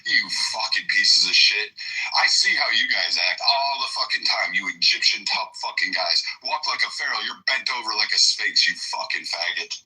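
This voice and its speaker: A man's voice: fairly low pitch, lively intonation, moderate pace, few pauses, bright, forceful tone, low-quality recording. A man ranting aggressively and profanely in a heated live online voice chat.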